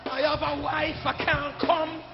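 High-pitched preacher in an echoey hall. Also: male voice, flat delivery, measured pace, faint music behind. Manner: call-and-response preaching, builds to shouting. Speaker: pastor. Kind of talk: sermon. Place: church sanctuary. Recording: echoey church hall, dull sound.

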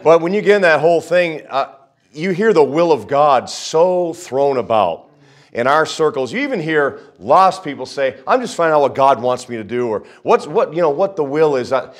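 A man's voice: a little high, animated, moderate pace. A man preaching a sermon in a folksy, conversational way, with jokes and asides, reading scripture aloud and praying. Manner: reads scripture aloud and prays. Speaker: pastor.

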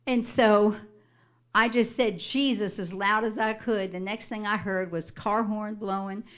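An older woman recounts her testimony to a church congregation. She tells the story in an animated way and swells into emphatic scripture declarations. The recording is muffled and lo-fi. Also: medium pitch, measured pace. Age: older, a grandmother. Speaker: church member giving a testimony. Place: church service.

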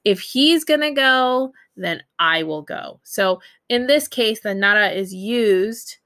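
A woman's voice: medium pitch, expressive, takes it slowly, fairly bright tone, no room sound, studio quality. A woman teaching a recorded Japanese grammar lesson, explaining in a casual way with many fillers and self-corrections.

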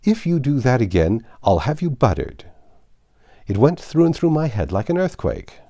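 A man voicing a fussy, impatient old king who talks in a peevish, excitable way. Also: mid-range voice, moderate pace, dry recording, clean studio sound, voice pushed up.

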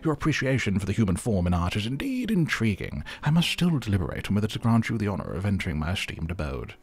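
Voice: sits low, very animated, fast talker. A synthetic game voice playing a haughty, snobbish neighbor who talks in a pompous, condescending, formal way.

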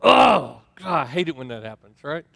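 Higher-voiced man preaching a sermon. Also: normal speed, creaky, no room sound. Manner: storytelling, acts out quoted dialogue with lively swings. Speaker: pastor.

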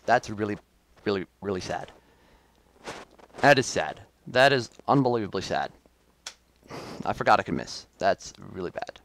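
A man's voice: fairly low pitch, animated, moderate pace, gravelly, long pauses, fairly bright tone. A young man giving live commentary on his own game match, frustrated and self-critical, with sudden outbursts. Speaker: gaming video creator.

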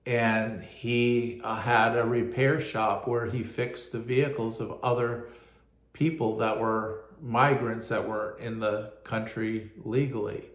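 Slow earnest pastor, man, roomy sound. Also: lowish voice, fairly even intonation. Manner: earnest, halting, repeats words. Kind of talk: personal testimony.

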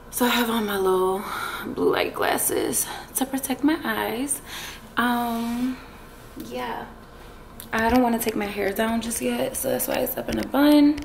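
A woman's voice: a little high, gravelly. A woman talking casually to her viewers in a vlog, chatty and nervous. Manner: chatty, talks to viewers as y'all. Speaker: vlogger. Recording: echoey room with faint noise.

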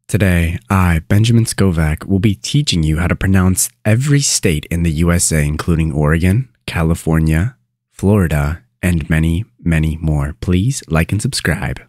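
A young man from the States hosts a tongue-in-cheek pronunciation lesson, drawling in a very deep, low register. He delivers his self-introduction with deadpan mock grandeur. The sound is dry and close, with no room around it. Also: normal speed, dry recording. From United States. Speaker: pronunciation video host. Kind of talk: jokey pronunciation tutorial.

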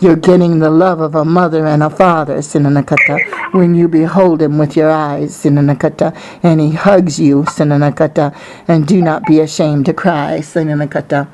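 A woman's voice: deep voice, background noise, voice pushed down, lightly acted. A woman voicing a solemn divine prophet-voice. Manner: chanting rhythmic refrains in tongues between phrases. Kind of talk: prophetic utterance.

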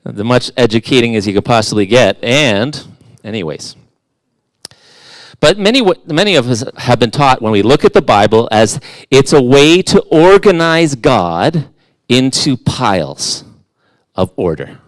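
A man's voice: medium pitch, sing-song, a little slow, no room sound. A middle-aged man preaching a conversational sermon as a guest in church, casual and self-deprecating, with playful asides.

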